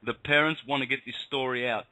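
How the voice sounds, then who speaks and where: A man's voice: medium pitch, fairly even intonation, quick pace, sharp tone, dry recording, low-quality recording. A man from Australia hosting a talk radio show, ranting with fiery passion.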